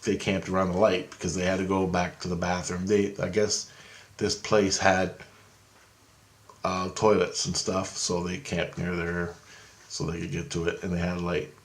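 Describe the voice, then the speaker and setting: Excitable man telling a story. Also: deep voice, normal speed. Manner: excited, rambling, swears freely. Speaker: vlogger. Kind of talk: casual storytelling.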